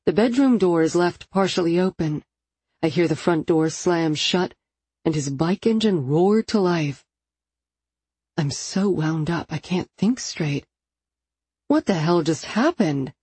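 A woman narrating a first-person romance novel in an intimate, expressive storytelling manner. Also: on the low side, measured pace, husky, no echo. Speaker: audiobook narrator.

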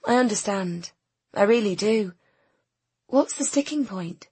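A woman voicing a gentle, patient bookseller woman in an audiobook, soft but firm. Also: medium pitch, expressive, measured pace, breathy edge, no room sound, pitched above the performer's own voice. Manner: gentle, soothing.

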